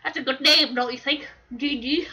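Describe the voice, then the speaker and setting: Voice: high voice, normal speed, pushed and bright. A young let's play host cracking crude jokes and giggling through casual banter with a friend. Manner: crude, giggly, swears often. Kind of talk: casual joking banter over gameplay. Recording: dull lo-fi recording with faint hiss.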